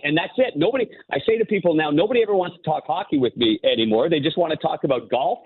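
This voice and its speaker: A former goalie now covering hockey as an analyst calls in, his slightly high, animated voice racing along quickly with hardly any pauses and a slightly rough quality. He tells meandering anecdotes, restarting them often, in a casual phone interview over a tinny line.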